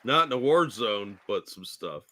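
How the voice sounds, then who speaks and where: A man's voice: fairly low pitch, expressive, a little slow, noisy background. A man co-hosting a live reaction stream, irritated and profane, openly exasperated by what he hears. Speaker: co-host.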